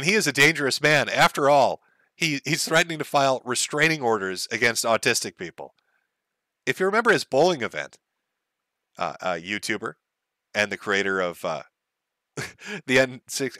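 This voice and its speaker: Male streamer host, mocking and profane, bright animated voice. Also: mid-range voice, no echo. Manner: sarcastic, laughing, profane. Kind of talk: mocking commentary on clips.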